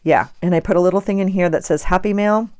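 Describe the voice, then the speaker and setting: A woman's voice: on the low side, quick pace, darkish tone, dry recording. A middle-aged woman chatting casually and rambling with self-amusement while she works on her journal pages. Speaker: journaling vlogger. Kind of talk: casual chat while crafting.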